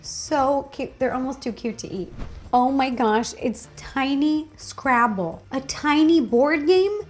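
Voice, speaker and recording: High, gushing woman host reacting. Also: takes it slowly, faint music behind. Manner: gushing and excitable, frequent gasps and delighted exclamations. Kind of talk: casual reaction commentary.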